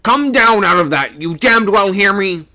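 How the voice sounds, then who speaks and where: A man voicing a gruff, short-tempered old ship's captain who shouts orders up the rigging. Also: high-pitched, expressive, unhurried, pitched above the performer's own voice, heavily acted. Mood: shouting.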